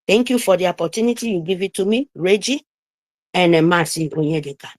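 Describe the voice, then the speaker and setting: A woman's voice: fairly low pitch, a little fast, a little mellow. A woman with a Nigerian accent giving an impassioned, scolding political speech over an online call, repeating phrases for emphasis. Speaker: speaker on an online group call. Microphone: remote call microphone.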